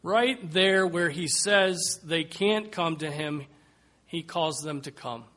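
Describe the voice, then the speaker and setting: A man preaching a sermon, slow and emphatic, dropping to a hush and rising to loud calls. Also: on the high side. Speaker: pastor.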